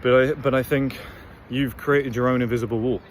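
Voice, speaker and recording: A man's voice: mid-range voice, fairly even intonation, a little fast, slight background noise. A man giving a blunt, rambling, profane motivational monologue to camera as host of his own channel. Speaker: motivational vlogger.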